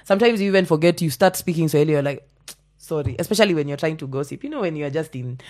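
A woman's voice: low voice, racing, dry recording, studio quality. A woman with a Kenyan accent, a guest in a casual conversation, telling stories animatedly and slipping into Swahili. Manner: animated storyteller, mixes in Swahili, acts out quotes.

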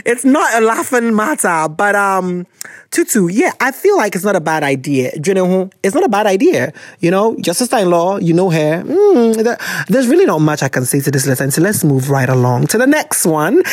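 A Ghanaian man hosts a chatty podcast, reading listener letters aloud. His delivery is lively, and his pitch rises and falls a lot as he slips between English and Twi. The sound is dry and close, with no room echo. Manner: animated, switches into Twi, laughs often. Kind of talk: casual chat.

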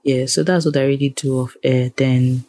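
Nigerian radio lady, low voice, chatty interview, keeps repeating herself for emphasis. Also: normal speed. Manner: animated, exasperated, repeats phrases for emphasis. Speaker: radio presenter and programmer, guest. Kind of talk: casual interview chat.

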